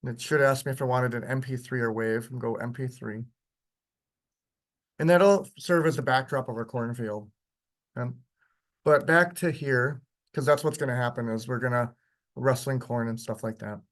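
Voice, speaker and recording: A man teaching a workshop, walking through software in a casual, chatty way with frequent ums. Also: mid-range voice, steady tone, normal speed. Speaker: workshop instructor. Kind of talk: live software demonstration lecture.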